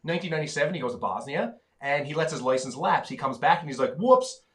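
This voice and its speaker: A man rants fast and loud in casual podcast talk. He swears constantly, and his voice sits a bit high as the words tumble out. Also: lively intonation. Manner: profane, ranting, heavy swearing. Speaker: podcast co-host. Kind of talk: heated casual chat.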